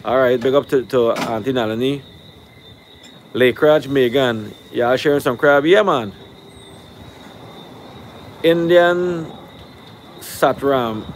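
A man hosting a live stream from a rooftop cookout, reeling off shout-outs and ranting at critics in a brash, animated way. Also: mid-range voice, slight background noise.

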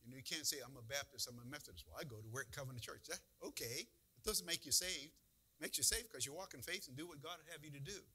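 A man's voice: fairly high pitch, fast, pushed and bright, breathy edge, poor audio. A man pastor giving a folksy, conversational sermon with emphatic bursts.

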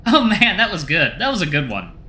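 A man voicing a brash young hyena woman who jokes loudly and talks with sarcasm in a visual novel game. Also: high voice, huge pitch swings, fairly quick, voice pushed up, exaggerated voice. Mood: amused. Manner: loud, teasing and sarcastic.

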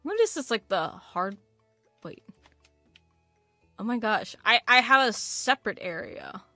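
A woman's voice: fairly high pitch, very animated, unhurried, bright, forceful tone, no room sound, faint music behind. A woman giving casual, rambling let's-play commentary while playing a video game, full of fillers and restarts. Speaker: gaming video creator.

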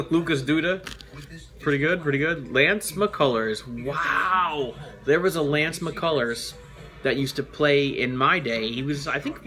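A man's voice: on the high side, pushed and bright. A man hosting a toy show, chatting casually as he reads out names and makes joking asides. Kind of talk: casual card-opening chat.

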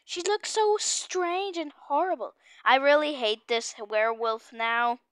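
High, bright excitable woman gaming. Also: unhurried, no room sound, clean studio sound. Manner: excitable, panicky, repeats exclamations. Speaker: gamer. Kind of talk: game commentary.

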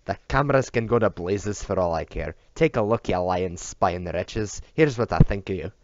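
A man's voice: very deep voice, moderate pace, a little mellow, no echo. A man reading aloud voices a drunk, furious male bodyguard who slurs and roars, on a dull, dry recording. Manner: slurred, roaring.

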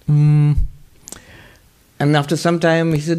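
A monk and spiritual teacher answering questions in a lecture. He speaks in a measured, explanatory way and laughs now and then. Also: medium pitch, animated.

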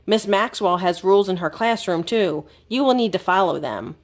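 A woman's voice: mid-range voice, expressive, moderate pace, close to an everyday voice. A woman reading a storybook aloud voices a rule-minded male classroom mouse who earnestly explains rules to a friend.

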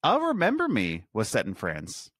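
Joking American man, low-pitched. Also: huge pitch swings, moderate pace, a bit bright, slightly rough, dry recording, clean studio sound. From United States. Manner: jokey, self-deprecating. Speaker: podcast co-host. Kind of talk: casual chat.

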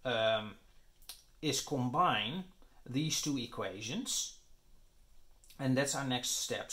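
A man's voice: mid-range voice, fairly bright tone. A man lecturing on physics, explaining his derivation step by step and often checking in with "right?" and "okay?". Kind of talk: explaining at a whiteboard.

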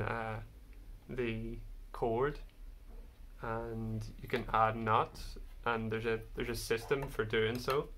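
A man's voice: medium pitch, gravelly, fairly bright tone. A man hosting a casual vlog, explaining an instrument hesitantly with many fillers. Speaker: video host. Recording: faint background noise.

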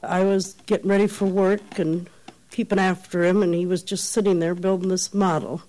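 A woman, a bereaved mother, speaking quietly and wistfully in an interview. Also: on the low side, flat delivery, normal speed, poor audio. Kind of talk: interview testimony.

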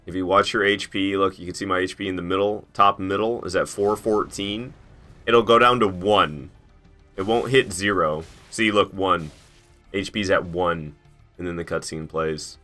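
A man talks loosely through a game stream from his garage, drifting between topics and cursing casually. His voice sits a bit low but sounds bright and forceful. Faint music plays under him. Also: fairly even intonation, normal speed. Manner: rambling, swears freely, laughs at himself. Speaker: gaming streamer. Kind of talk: casual live-stream chat while playing.

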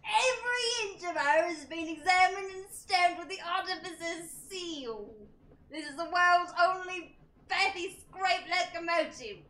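A woman's voice: high-pitched, slow pace, fairly bright tone, reverberant, slight background noise, poor audio. A woman voicing a scornful male train guard in an exaggerated mock English accent.

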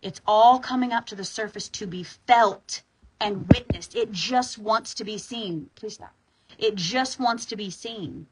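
A woman's voice: medium pitch, measured pace, a little hiss or hum, rough recording. A woman guiding an EFT tapping session, talking informally, sighing on the exhales and sometimes pressing hard for emphasis.

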